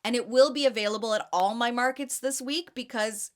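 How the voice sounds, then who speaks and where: A young woman hosting a casual market podcast, chatting and telling stories with lots of fillers and animated asides. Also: fairly high pitch, fairly quick. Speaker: podcast host and jam vendor. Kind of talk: casual chat.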